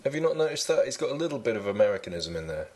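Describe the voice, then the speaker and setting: A man's voice: medium pitch, big pitch swings, very fast, a little mellow, slightly rough. A man hosting a comedy podcast, chatting with dry, teasing humor. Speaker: podcast host. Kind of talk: joking casual chat.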